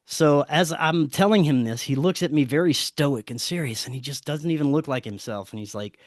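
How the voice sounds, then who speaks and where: Man telling a wild story, animated. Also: a little high, fairly quick, few pauses, no room sound, studio quality. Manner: animated, swears freely, acts out the dialogue. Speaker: podcast guest. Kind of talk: casual storytelling.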